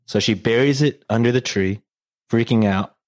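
A man's voice: medium pitch, moderate pace, a little mellow. A man casually retelling a story to friends, rambling and profane, full of fillers and jokes.

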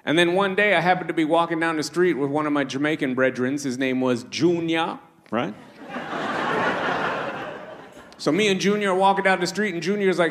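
A man's voice: fairly high pitch, a little fast. A middle-aged man doing stand-up, telling stories with acted-out quotes on a comedy club stage. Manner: animated storytelling with acted-out quotes. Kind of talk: stand-up set.

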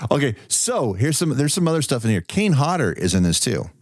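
A man co-hosting a casual movie review podcast, animated and profane, laughing often. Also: mid-range voice, fairly quick, no echo, studio quality. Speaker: podcast co-host.

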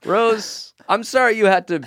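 A man's voice: sits high, normal speed, fairly bright tone, dry recording. A man co-hosting a podcast in a studio, riffing on absurd ideas with swearing and laughter in casual comedy chat. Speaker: podcast co-host.

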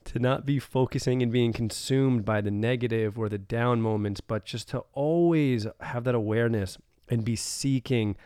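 Give me an enthusiastic male podcast host with a smooth voice and a dry recording. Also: mid-range voice, normal speed, few pauses, warm tone, no room sound. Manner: enthusiastic, affirming, uses "man" and "like". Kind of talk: casual interview chat.

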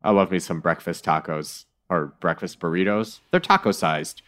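A man co-hosting a podcast, chatting casually with animated swings from mumbled asides to loud outbursts. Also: low voice, normal speed. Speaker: podcast co-host. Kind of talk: casual chat.

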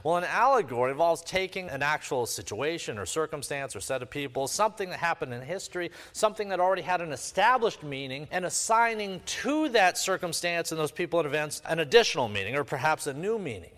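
A man's voice: on the high side, lively intonation, fast talker, few pauses, fairly bright tone, big-room sound. A man preaching a sermon as pastor, emphatic, with sweeping rises and drops in his delivery.

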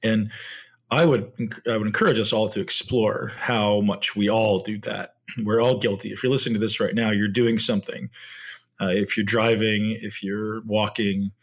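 A middle-aged man hosting a solo podcast speaks with a slightly low, husky voice. He talks earnestly and reflectively, tossing in rhetorical questions and correcting himself mid-sentence. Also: steady tone, moderate pace. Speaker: podcast host.

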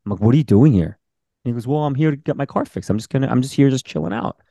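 Man, podcast host, casual storytelling, expressive pitch swings, dry close recording. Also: rapid-fire, no echo. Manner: animated, acts out quoted voices. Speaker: senior pastor and podcast host.

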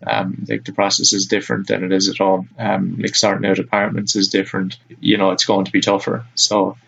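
Young Irish male guest, gravelly and husky, low flat delivery, relaxed rambling chat over a dull lo-fi line. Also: fairly quick. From Ireland. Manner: relaxed, rambling with many fillers. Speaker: podcast guest. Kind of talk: casual chat.

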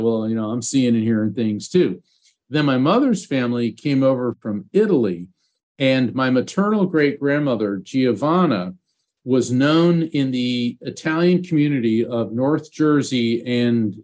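A middle-aged man, a guest psychic medium, telling animated stories in an interview and acting out quotes. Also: medium pitch, moderate pace. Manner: animated anecdotes with acted quotes. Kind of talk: storytelling interview.

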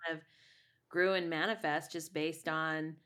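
A woman's voice: low voice, level tone, moderate pace, fairly bright tone. A middle-aged woman, a voice teacher and singer, telling a personal story candidly in a rambling way with many restarts.

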